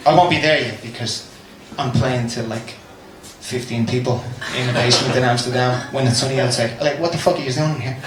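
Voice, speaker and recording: A man's voice: medium pitch, a little fast, hardly any pauses, a crowd in the background. An Irish man doing stand-up comedy in a small basement venue, teasing the audience and swearing freely. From Ireland. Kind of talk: stand-up crowd work. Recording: echoey room, faint background noise.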